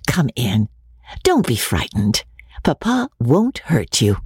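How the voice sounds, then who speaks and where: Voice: mid-range voice, huge pitch swings, takes it slowly, breathy edge, no room sound, studio quality, heavily acted. A reader voicing a cheerful young girl just home from school.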